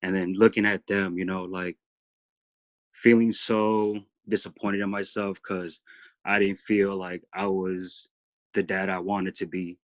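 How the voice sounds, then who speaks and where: A man with a fairly low voice speaks with heartfelt earnestness on a group video call, circling back over his words. The audio is dull and muffled in a dry, close room. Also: level tone, measured pace, dry recording. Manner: heartfelt, earnest, repeats himself. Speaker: team member sharing his story. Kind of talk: emotional testimony on a group call.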